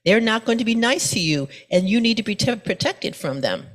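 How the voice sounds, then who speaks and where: Animated woman preaching a sermon. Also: fairly high pitch, a little fast. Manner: conversational storytelling with many asides and fillers. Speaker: pastor.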